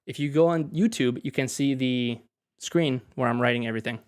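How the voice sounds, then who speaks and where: A man's voice: medium pitch, fairly quick, smooth. A young man from Wisconsin, teaching English in a chatty livestream, greeting viewers by name as he answers their questions. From Wisconsin, USA. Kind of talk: livestream language lesson.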